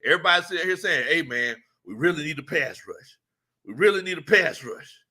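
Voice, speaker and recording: A man's voice: on the high side, lively intonation, brisk, sharp tone. A man hosting a casual sports talk stream, laughing often and greeting viewers by name. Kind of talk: casual live-stream chat.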